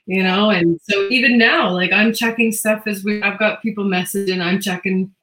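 A woman's voice: mid-range voice, fairly even intonation, moderate pace, fairly bright tone. A woman from Canada chats casually, telling anecdotes and playfully quoting the people in them. Her voice sits in the middle range and carries a noticeable room echo around it. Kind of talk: casual chat.

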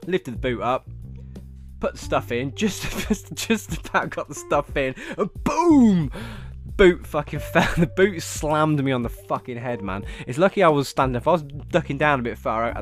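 A man's voice: medium pitch, animated, normal speed, a bit bright, soft background music. Sweary man ranting casually. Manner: sweary, rambling, laughing storyteller.

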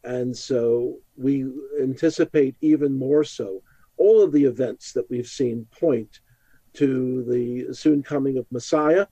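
A man from Brooklyn with a New York accent, a rabbi speaking as a guest in an interview and calmly teaching from scripture. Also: mid-range voice, dry recording, low-quality recording. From Brooklyn, New York, USA. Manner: measured, reflective, quotes scripture. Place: home studio, New York metro area.

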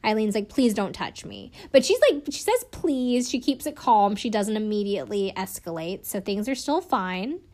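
A woman's voice: mid-range voice, big pitch swings, normal speed, hardly any pauses, a little mellow. A young woman casually recapping a reality show, chatty, swearing freely and laughing often.

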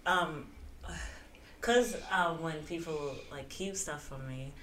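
A woman's voice: low-pitched, slow pace, fairly bright tone, a little hiss or hum. A young woman co-hosting a podcast in casual chat, rambling with lots of fillers and giggles. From Australia. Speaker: podcast co-host.

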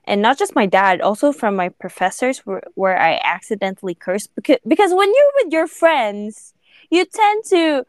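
A woman's voice: on the high side, big pitch swings, moderate pace, no echo, clean studio sound. A woman in her twenties from the Philippines, co-hosting a podcast in casual, candid chat, swearing freely and laughing often. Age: 20s. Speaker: podcast co-host.

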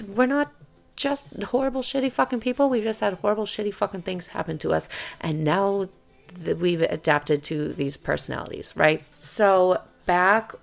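A woman's voice: mid-range voice, normal speed, gravelly. A young woman hosting a podcast who talks bluntly and confessionally, swearing often and adding lots of "okay" and "right". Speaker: podcast host. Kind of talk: candid personal monologue.

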